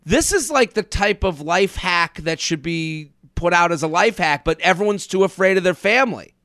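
High-voiced joking man host. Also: lively intonation, moderate pace, bright, forceful tone, no room sound, studio quality. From United States. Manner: joking, rambling with restarts. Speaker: podcast host. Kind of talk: casual podcast chat.

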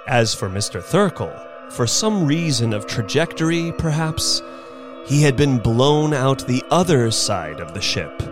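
Male audiobook narrator: unhurried, lively delivery. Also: medium pitch. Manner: slow, expressive storytelling. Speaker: narrator and performer. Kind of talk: dramatic audiobook reading.

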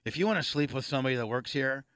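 A man's voice: medium pitch, rapid-fire, a bit bright, no room sound. A man hosting a radio talk show, joking and rambling in casual studio banter.

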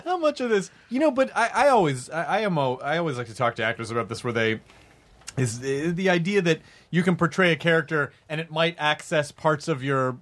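A chatty man with a fairly high voice that leaps around in pitch. He co-hosts a loose comedy podcast, joking and acting out imagined people's lines as he goes. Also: animated, fairly quick, fairly bright tone. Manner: chatty, jokey, acts out quoted voices. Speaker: podcast co-host. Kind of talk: casual comedic podcast chat.

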